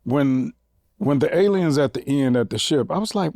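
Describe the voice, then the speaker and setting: A man co-hosting a podcast, cracking loud, profane jokes in casual chat. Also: medium pitch, expressive, normal speed, no room sound, clean studio sound. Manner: loud, profane joking banter. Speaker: podcast co-host.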